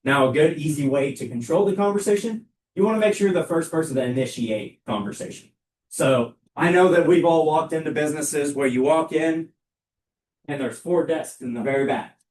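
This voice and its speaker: A young man giving a live sales training talk to a room of colleagues, with a loud, energetic, emphatic delivery. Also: mid-range voice. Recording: echoey room, mic far off.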